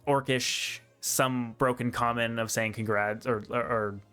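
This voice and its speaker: A man's voice: medium pitch, steady tone, measured pace, bright, forceful tone, clean tone, faint music behind. A man narrating as game master of a tabletop game, rambling with many ums and frequent laughs.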